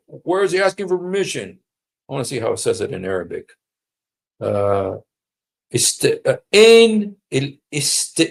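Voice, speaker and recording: A man's voice: lowish voice, creaky, husky. A man hosting a casual livestream, talking in a sarcastic, mocking way and repeating himself for emphasis. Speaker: livestream host.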